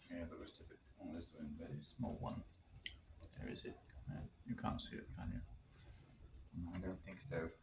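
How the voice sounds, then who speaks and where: A man's voice: deep voice, level tone, moderate pace, pauses often. A man chatting casually while cooking in a rental kitchen, rambling with wry asides. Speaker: cooking vlogger. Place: kitchen with gas stove in a rental. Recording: roomy, distant mic, noisy background. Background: pot boiling on the stove.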